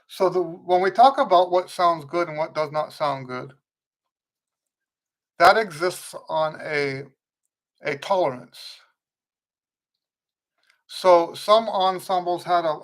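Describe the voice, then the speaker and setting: A man hosting a live trumpet Q&A, answering viewers' questions in a relaxed, conversational way, often restarting and checking in with "okay?". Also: fairly high pitch. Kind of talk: casual livestream teaching, answering viewer questions.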